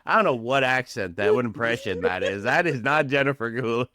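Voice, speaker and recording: Animated, joking young man on a podcast. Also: mid-range voice, fairly quick. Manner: animated, joking, jumps into shouts. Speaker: podcast guest. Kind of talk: casual podcast banter.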